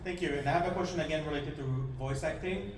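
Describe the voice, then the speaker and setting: A man in a convention audience asking a careful, measured question about voice acting. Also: fairly high pitch, slight background noise. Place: large convention hall. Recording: echoey hall from a distance.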